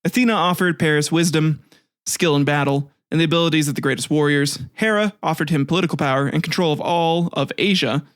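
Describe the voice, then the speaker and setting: Joking man with a higher voice. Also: fast, a bit bright, no room sound, studio quality. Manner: jokey, crude asides, laughs at own jokes. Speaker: podcast host. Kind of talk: casual history podcast narration.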